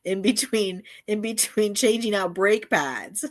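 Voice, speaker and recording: A woman's voice: medium pitch, takes it slowly, pauses often. Chatty, meandering woman streamer. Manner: chatty and meandering, breaking off and circling back mid-thought. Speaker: channel host. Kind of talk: casual live-stream chat.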